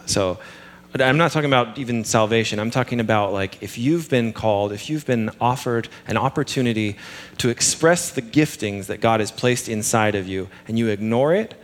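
A man preaching a sermon in a relaxed, conversational way, mixing humor with lively emphasis. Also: mid-range voice, normal speed.

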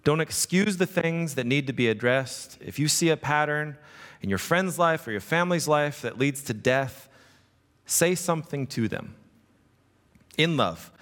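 A man's voice: on the high side, lively intonation, unhurried, a bit bright. A male pastor preaching a casual, conversational sermon, often checking in with the congregation. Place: church sanctuary. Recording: long reverb of a hall.

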